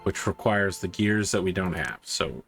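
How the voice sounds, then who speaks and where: A man streaming a city-building game, thinking aloud in casual commentary that rises when he gets excited. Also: deep voice, normal speed, faint music behind. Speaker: gaming streamer.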